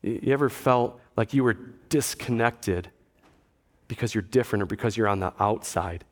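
A man's voice: lowish voice, normal speed. A man pastor preaching a conversational sermon, with dry asides and quotes he acts out.

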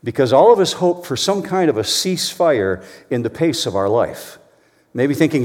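Pastor preaching in a reverberant hall. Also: male voice, mid-range voice, lively intonation, normal speed, darkish tone. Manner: earnest, builds to emphatic storytelling. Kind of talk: sermon with prayer and joke. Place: church sanctuary. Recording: long reverb of a large hall.

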